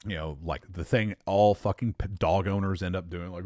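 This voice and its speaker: A man's voice: low-pitched, fairly even intonation, moderate pace, few pauses, a little mellow, no room sound, clean studio sound. A man telling a long personal story in a casual, rambling way, correcting himself as he goes, swearing now and then and laughing at his own luck. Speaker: podcast host.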